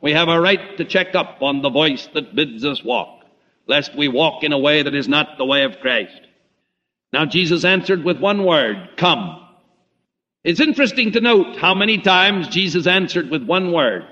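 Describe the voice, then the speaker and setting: Male preacher, high bright voice, dramatic delivery from booming to hushed; lo-fi hall recording. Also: animated, moderate pace. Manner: dramatic, swinging between loud emphasis and hushed low tones. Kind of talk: sermon. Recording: muffled lo-fi recording in a reverberant hall.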